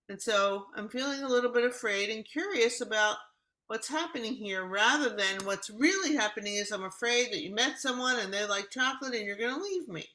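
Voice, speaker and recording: A woman's voice: a little high, fairly quick, bright, forceful tone, low-quality recording. A middle-aged woman, a communication coach, explaining in casual conversation and acting out example dialogues.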